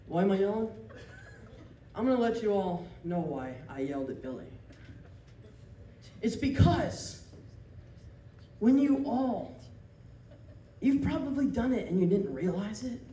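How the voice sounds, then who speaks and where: Rambling, animated male stand-up comic. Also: high-pitched, a little slow, long pauses, distant mic. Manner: rambling, animated, often laughing mid-sentence; self-interrupting with restarts and asides. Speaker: stand-up comedian. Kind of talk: live stand-up storytelling. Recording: roomy venue taped from afar. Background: audience laughter and room noise.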